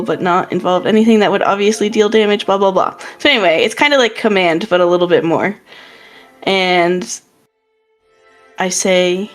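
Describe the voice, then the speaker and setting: A woman playing a tabletop game, explaining her character's moves in a chatty way with many filler words. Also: mid-range voice. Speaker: player. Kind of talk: casual tabletop play.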